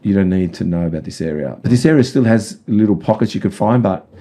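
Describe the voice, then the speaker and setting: A man speaks as a podcast guest in a casual, rambling way, giving direct advice. His voice sits a little low and sounds mellow and relaxed. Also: fast. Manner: acts out voices in anecdotes. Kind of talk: casual chat.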